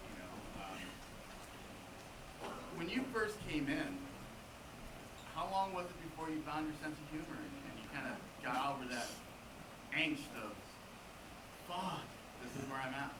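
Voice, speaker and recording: A man's voice: medium pitch, expressive, moderate pace, long pauses, bright, forceful tone, a little hiss or hum, poor audio. A man in the audience asking the speaker a casual, appreciative question.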